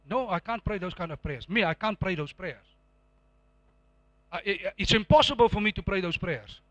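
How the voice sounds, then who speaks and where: A man's voice: high-pitched, animated, moderate pace, sharp tone, no room sound, muffled recording. A middle-aged man preaching a sermon to a congregation, emphatic and repetitive, with call-and-response prompts. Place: church before a live congregation.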